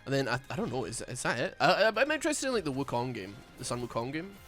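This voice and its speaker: Casting: young Scottish streamer with a light accent and a bright, lively voice, rambling chat, faint game music underneath. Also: male voice, mid-range voice, quick pace. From Scotland. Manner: chatty, rambling, bursts into excited yells. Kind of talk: casual gaming stream chat.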